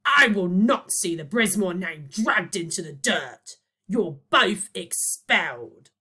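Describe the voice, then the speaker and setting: A woman reading aloud puts on a pompous, blustering male teacher who bellows his lines. He drags out every word, slow and heavy with indignation. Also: fairly low pitch, expressive, pitched above the performer's own voice, full character voice. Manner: shouting, drawn-out.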